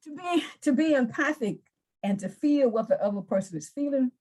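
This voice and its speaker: High-voiced woman coach explaining earnestly. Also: expressive, normal speed, mellow. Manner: earnest, repeats words while explaining. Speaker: anger management coach. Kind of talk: conversational interview, explaining with examples.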